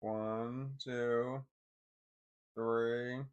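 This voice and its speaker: On a live stream, a man thinks out loud haltingly, often repeating words as he works through what he's seeing. His voice is medium-pitched with a level, clean tone, though the recording is muffled.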